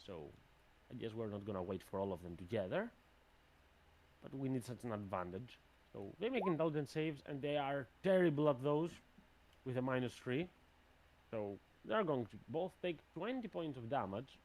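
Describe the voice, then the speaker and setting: A man running a tabletop game as game master, thinking aloud in a plain, even way. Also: mid-range voice, moderate pace.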